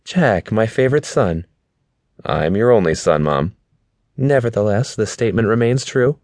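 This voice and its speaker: A man voicing a gentle, wry elderly mother in a hospital bed, speaking fondly to her son. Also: lowish voice, lively intonation, moderate pace, no echo, studio quality, pitched above the performer's own voice.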